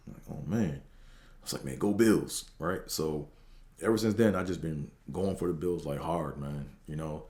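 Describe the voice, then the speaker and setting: A middle-aged podcast host from the Washington DC area tells a rambling, profane story in a casual monologue, full of fillers and restarts. His voice is deep and darkish with vocal fry, moving at a moderate pace in a roomy-sounding space.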